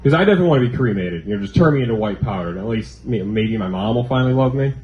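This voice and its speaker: A man tells a stand-up story quickly, in a deadpan way full of "like". His voice is of middle pitch. The club sound is dull, echoey and a little noisy. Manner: fast, deadpan storytelling with filler "like". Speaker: stand-up comic. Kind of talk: stand-up set.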